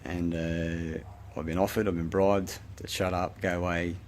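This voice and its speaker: A man with an Australian accent rants in a long, self-recorded monologue, swearing often and jumping from point to point. His voice sits very low, and a faint hiss runs underneath. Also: flat delivery, unhurried. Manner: profane, agitated, rambling ranting. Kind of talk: rambling monologue.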